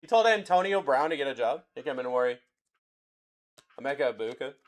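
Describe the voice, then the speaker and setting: A man's voice: mid-range voice, expressive, fairly quick. A young man hosting a live card-break stream, chatting with viewers in a hyped way as he calls out player names to buyers. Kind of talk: livestream card-break calling.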